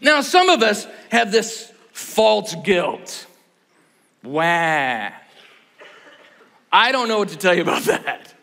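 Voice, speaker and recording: A man's voice: high-pitched, sing-song, slow, vocal fry, pauses often, bright, forceful tone. A man in his sixties preaching a conference sermon, telling stories animatedly and with humor. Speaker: pastor. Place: large conference hall. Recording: long hall reverb.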